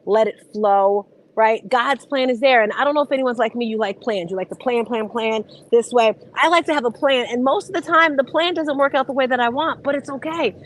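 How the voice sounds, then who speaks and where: A woman hosting a morning motivation show, talking in a bubbly, exclamatory, rapid-fire way. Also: fairly high pitch, slight background noise, low-quality recording. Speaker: host. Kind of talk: casual motivational chat.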